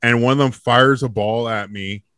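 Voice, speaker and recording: A man's voice: mid-range voice, fairly even intonation, normal speed, fairly bright tone, no echo, studio quality. A man casually telling a profane, laughing story on a comedy chat show.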